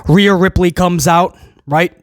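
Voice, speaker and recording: A man's voice: on the high side, expressive, moderate pace, dry recording, clean studio sound. A man giving a casual spoken review of a wrestling show, blunt and emphatic, piling up repeated phrases.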